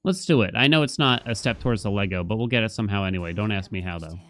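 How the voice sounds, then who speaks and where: A man's voice: on the low side, racing, a bit bright, faint music behind. A young man casually commenting on his gameplay, thinking aloud and chatting about his life between moves. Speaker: gaming streamer.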